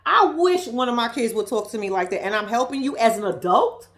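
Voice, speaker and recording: A woman's voice: on the high side, expressive, fairly quick, a bit bright. A woman with giving a blunt, profane, casual recap of a reality show, with laughing asides.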